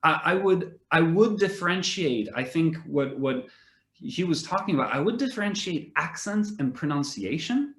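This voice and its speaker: A man who is an English teacher, a guest on a casual podcast, speaking in a thoughtful, measured way and often repeating words as he thinks. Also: fairly high pitch, animated, fairly bright tone. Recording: roomy echo.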